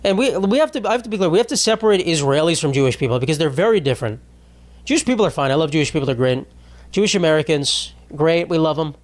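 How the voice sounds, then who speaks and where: A man's voice: a little high, lively intonation, fast. A young adult man hosting a podcast, rambling in a crude, sarcastic comedic monologue. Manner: crude, sarcastic, rambling with mocking put-on voices. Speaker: podcast host.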